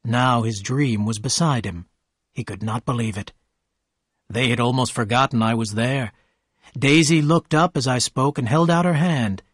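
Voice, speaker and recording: A man reading a graded story aloud for English learners in slow, clear scripted narration. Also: mid-range voice, dry recording, clean studio sound.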